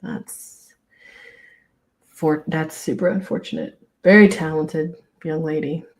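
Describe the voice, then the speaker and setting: A woman's voice: deep voice, steady tone, slow. A woman voicing a polite, hesitant male teacher in a tabletop game. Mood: concerned. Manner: courteous, hesitant.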